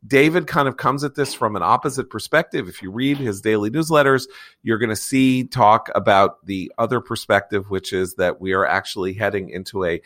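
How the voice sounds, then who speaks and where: A man hosting a political talk show, chatting casually and reading a sponsor spot, animated and sarcastic, with frequent digressions. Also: on the low side, fairly quick. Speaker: podcast host.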